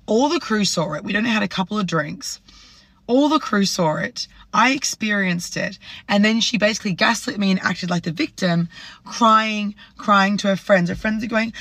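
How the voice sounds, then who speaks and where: A woman's voice: mid-range voice, normal speed, fairly bright tone, no room sound. A woman telling a story to camera, indignant, swearing and acting out what people said. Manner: indignant, swearing, acts out quotes. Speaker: public figure telling a story.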